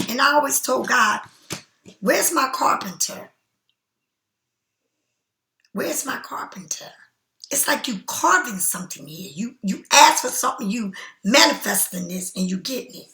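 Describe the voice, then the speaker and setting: A woman's voice: a little high, pushed and bright, roomy sound. A woman giving a casual tarot reading straight to the viewer, repeating herself for emphasis as she offers spiritual encouragement. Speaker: tarot card reader.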